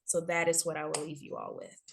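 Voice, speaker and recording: A woman in her thirties speaks as a guest in a conversational interview, her voice sitting a little low. She talks with animation, laughs often, and hammers her points home by repeating phrases. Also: very animated, brisk, vocal fry, a little hiss or hum. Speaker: guest, workplace HR consultant and trainer.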